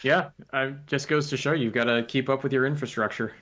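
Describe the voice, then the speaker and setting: A man's voice: mid-range voice, fairly even intonation, a little fast, a bit bright. A man from the US, a podcast guest, chatting easily and giving short agreeing replies. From United States. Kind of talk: casual chat.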